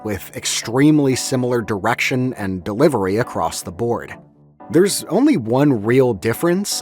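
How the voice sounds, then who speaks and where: A man's voice: medium pitch, darkish tone. A man narrating a scripted video essay in a wry, analytical way.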